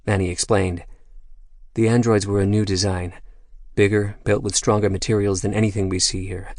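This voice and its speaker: A man narrating an audiobook in a steady, even storytelling manner. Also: lowish voice, no echo, studio quality. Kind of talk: scripted narration.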